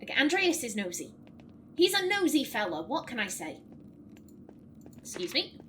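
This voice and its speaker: Young woman, high voice, chatty let's-play host thinking aloud over faint hiss. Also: very animated, moderate pace, pauses often, pushed and bright. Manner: chatty, thinks aloud and reads game text aloud. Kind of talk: casual gameplay commentary.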